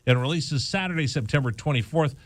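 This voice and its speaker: A man with a fairly high voice hosts a radio sports show, talking fast, chatting loosely and joking as he runs down the program. It's recorded on a studio microphone with no echo.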